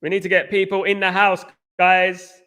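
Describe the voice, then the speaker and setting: A man rambles casually to his live-stream viewers, full of fillers and restarts. His voice sits fairly high and sounds bright and tense. He talks straight to the audience as a football watchalong host. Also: completely flat delivery, moderate pace, clear, resonant tone. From England.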